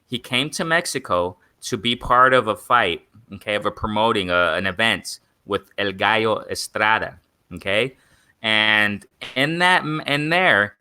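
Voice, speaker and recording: Man rambling excitedly on a live stream. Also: fairly low pitch, dry recording. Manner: rambling, repetitive, addresses viewers as guys. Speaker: boxing channel host. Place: in Mexico.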